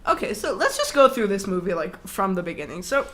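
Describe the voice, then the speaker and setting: A young woman co-hosting a podcast in casual chat, animated, swearing, laughing and using lots of fillers. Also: fairly low pitch, normal speed, hardly any pauses. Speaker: podcast co-host.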